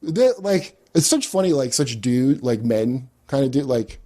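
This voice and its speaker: A man's voice: mid-range voice, lively intonation, a little slow, mellow. A man talking casually on a podcast, rambling and swearing as he laughs at his own jokes. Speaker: comedian guest.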